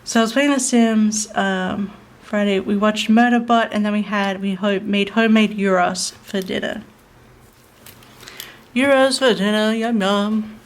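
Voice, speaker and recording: A woman's voice: medium pitch, steady tone, normal speed. A young adult woman from South Australia with an Australian accent, chatting in a rambling, casual way with many fillers and frequent small laughs. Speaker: planner vlogger. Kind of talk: casual chat over planning.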